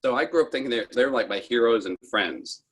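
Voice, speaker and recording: A man in his sixties tells an old story from his youth over a video call, his voice husky and a little breathy at a middle pitch. He rambles, corrects himself, and slips into the voices of the people he quotes. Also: animated, quick pace, fairly bright tone. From New York, United States. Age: 60s. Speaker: interviewee. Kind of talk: casual storytelling.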